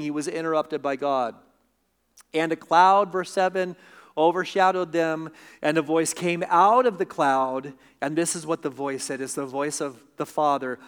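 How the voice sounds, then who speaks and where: A man's voice: high-pitched, fairly bright tone, clear, resonant tone. A man preaching an evening sermon in an earnest, conversational way, with asides and restarts. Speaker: pastor.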